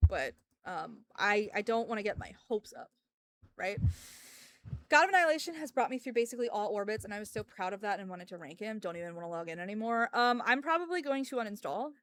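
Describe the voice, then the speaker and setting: A woman's voice: medium pitch, animated, fast talker, fairly bright tone, no echo. A woman streamer chatting casually with her viewers from home, venting her frustration, laughing often and swearing now and then.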